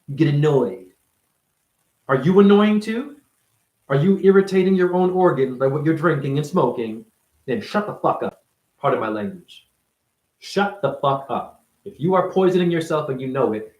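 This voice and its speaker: A man with a fairly high voice preaches at the listener in a profane, confrontational rant. His pitch swings widely as he fires off one rhetorical question after another. The recording has a roomy echo. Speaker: self-styled spiritual teacher. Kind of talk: ranting monologue to camera.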